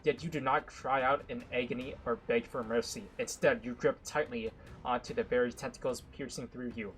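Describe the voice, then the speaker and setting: A man reading a visual novel aloud with dramatic narration, broken by excitable, joking asides. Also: medium pitch, fairly quick, faint music behind, low-quality recording. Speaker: gaming content creator.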